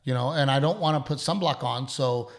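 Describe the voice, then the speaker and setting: A man in his thirties co-hosts a relaxed podcast with his wife. He tells stories with plenty of energy, slipping into the voices of the people he quotes and swearing as he goes. His voice sits at an ordinary middle pitch. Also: brisk. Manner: animated storytelling, acts out quotes, swears freely. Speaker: podcast co-host. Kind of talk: casual banter with his wife.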